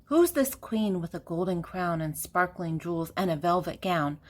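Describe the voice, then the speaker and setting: A woman's voice: lowish voice, lively intonation, moderate pace. An older woman reading a children's picture book aloud, with a playful sing-song delivery and fun animal sounds.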